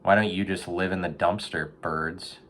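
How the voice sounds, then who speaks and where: Deep-voiced man rambling deadpan. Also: normal speed, slight background noise. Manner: deadpan rambling, slips into loud mock pep-talk voice. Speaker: podcast host. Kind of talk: casual comedic monologue.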